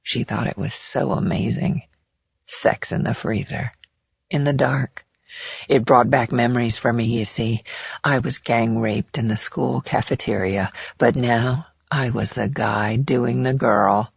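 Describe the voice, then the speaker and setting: A cruel, cold-blooded killer, put on by a male narrator, all gravel and menace, bragging in flat tones. The voice sits mid-range, and the recording is dull and lo-fi. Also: medium pitch, a little slow, no room sound.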